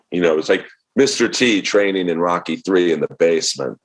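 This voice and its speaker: A middle-aged man with an extremely low, deep voice tells comedy stories on a podcast. He talks casually and acts out the other people's lines with lively energy. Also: normal speed. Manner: animated storyteller acting out quotes. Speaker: comedian guest.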